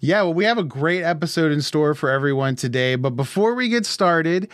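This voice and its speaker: A man hosting a gaming podcast in easygoing chat, upbeat and quick to laugh. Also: a little high, lively intonation. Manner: upbeat, chatty, laughs easily. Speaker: podcast host.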